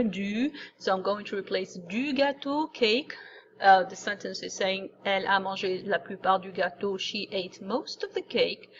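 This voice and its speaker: A woman of middle pitch walks through a grammar lesson one example at a time, patient and methodical. The recording is a little dull and lo-fi, with a faint hiss underneath. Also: fairly bright tone. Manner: patient, explains step by step, repeats examples. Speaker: French teacher.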